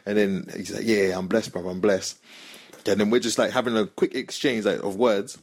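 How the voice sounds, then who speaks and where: A man's voice: lowish voice, steady tone, moderate pace, husky. A young man telling a story on a podcast, acting out the voices of the people in it. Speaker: podcast host. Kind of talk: casual storytelling chat.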